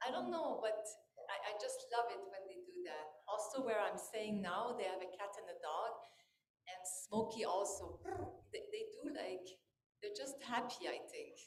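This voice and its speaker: Woman, group participant, rambling, affectionate, echoey room, faint rumble. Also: animated, moderate pace. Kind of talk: casual group discussion.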